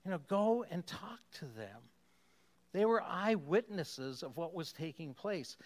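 Lively higher-voiced male preacher. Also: measured pace. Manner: animated, chuckles often, asks rhetorical questions. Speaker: pastor. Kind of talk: sermon.

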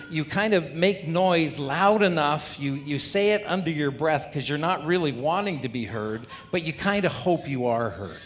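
A man preaching a sermon as a pastor, talking through scripture in a conversational way and asking the congregation rhetorical questions. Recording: long hall reverb, faint rumble.

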